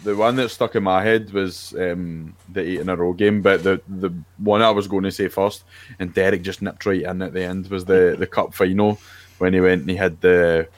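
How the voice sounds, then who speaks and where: A man's voice: deep voice, little pitch movement, normal speed, no echo. A Scottish man on a podcast panel, talking in a rambling way with lots of restarts. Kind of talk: casual chat.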